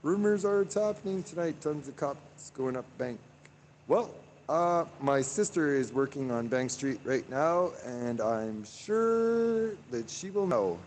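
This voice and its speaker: A man's voice: a little high, lively intonation, measured pace, a little mellow, a little hiss or hum. Man rambling casually on a live stream. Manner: rambling, with frequent "uh" fillers. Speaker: livestreamer. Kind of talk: casual live stream, reading chat aloud.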